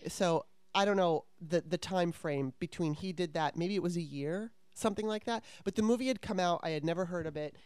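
A woman's voice: on the low side, fairly quick, few pauses, darkish tone, clean tone, dry recording. Candid, profane woman telling a story. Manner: candid, profane, rambling with restarts. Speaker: podcast host. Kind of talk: casual storytelling chat.

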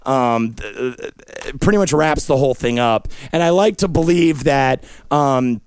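A young man delivering a rambling, profane comedic monologue with sudden yelled outbursts, recorded close on a studio mic. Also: medium pitch, unhurried, clean tone, no echo. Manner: absurd, profane stream of consciousness with sudden yelling. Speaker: podcast host.

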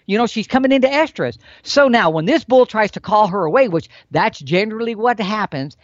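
Animated folksy man explaining. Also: high-pitched, fairly quick, no echo. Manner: animated, folksy, demonstrating with expressive swings. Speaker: elk hunting expert guest. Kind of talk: casual instructional explanation. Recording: dull, dry recording.

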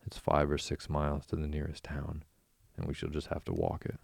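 A man's voice: a bass voice, completely flat delivery, a little fast, gravelly, no echo, full character voice. A man voicing a stern, practical male water rat who speaks firmly and sharply in a storybook reading. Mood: firm exasperation. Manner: firm, sharp, exasperated.

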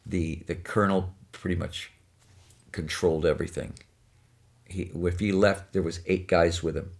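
An older man from Detroit telling lively, punchline-driven stories as a guest in a conversation. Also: sits low, normal speed, vocal fry. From Detroit, USA. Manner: animated, punchline-driven storytelling. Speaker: guest storyteller. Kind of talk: anecdotal storytelling in conversation.

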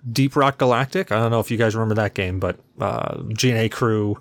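A man hosting a podcast on his own, talking in a loose, rambling way. His voice sits a little low. He pokes fun at himself and swears without a second thought. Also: fairly quick, dry recording. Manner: rambling, self-deprecating, swears casually. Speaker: podcast host. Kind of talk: casual solo podcast chat.

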